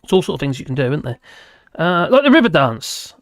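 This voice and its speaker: A man's voice: on the high side, very animated, brisk, no echo, clean studio sound. A man hosting a live stream, chatting casually with viewers and rambling between topics while laughing often.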